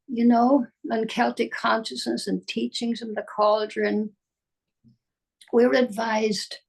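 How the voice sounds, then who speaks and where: An older woman giving a slow, musing spiritual talk, dropping at times into soft whispers. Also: fairly high pitch, gravelly, breathy edge. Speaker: spiritual teacher. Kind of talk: reflective spoken talk.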